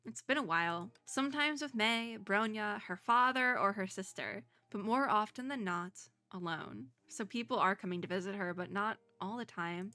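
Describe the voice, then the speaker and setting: A woman streamer reacting to a game's story and reading its dialogue aloud, bubbly and gushing, often laughing and squealing when excited. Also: mid-range voice, fairly quick, no echo. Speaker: VTuber streamer.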